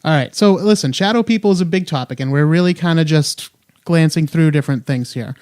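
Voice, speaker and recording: A man's voice: fairly high pitch, fairly quick, a little mellow, clean tone, dry recording, clean studio sound. A young man hosting a podcast in casual chat, joking and rambling with many fillers. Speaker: podcast host. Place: home room.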